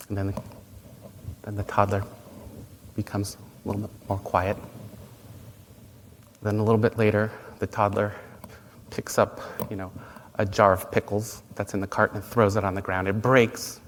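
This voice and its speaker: Male Buddhist teacher, low voice, gentle, unhurried talk, long reverb in the room. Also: flat delivery. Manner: gentle, unhurried storytelling with pauses. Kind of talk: dharma talk. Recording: long reverb, faint noise.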